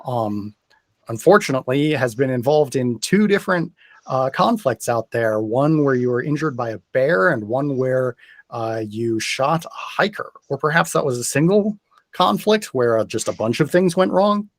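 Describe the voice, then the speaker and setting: A man's voice: medium pitch, animated, normal speed, no echo. Methodical male game master, dry sound. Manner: careful, methodical, hesitant explaining. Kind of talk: explaining rules in a tabletop game.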